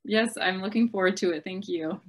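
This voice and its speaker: A woman's voice: medium pitch, a little fast. A woman working as a community liaison, speaking casually and thankfully to a colleague. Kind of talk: casual chat.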